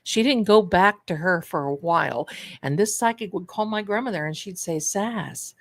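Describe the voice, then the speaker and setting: Speaking at a moderate pace in a lowish voice, this woman runs a manifestation and tarot livestream where she chats casually, tells stories, and addresses her viewers as darlings. The audio has no echo.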